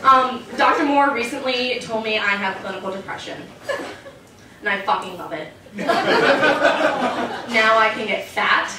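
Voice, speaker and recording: A young woman delivers a stand-up set in a deadpan, self-mocking way, starting her jokes with "um". Her voice sits a little high and rings through a very echoey club, caught from some distance with noise behind. Laughter from the audience fills the gaps. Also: unhurried, pauses often. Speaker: stand-up comedian. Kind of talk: stand-up routine. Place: comedy club stage. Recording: echoey club recording from far off.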